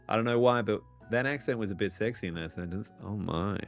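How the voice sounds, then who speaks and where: A man's voice: fairly low pitch, expressive, fairly quick, few pauses, fairly bright tone, soft background music. Playful man streaming a game. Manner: reads game text aloud with playful, theatrical swings. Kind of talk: live game playthrough commentary.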